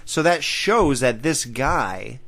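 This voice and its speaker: A man's voice: mid-range voice, expressive, slow pace, creaky, fairly bright tone. A man hosting a podcast, casually recapping a sitcom episode and laughing along. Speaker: podcast host.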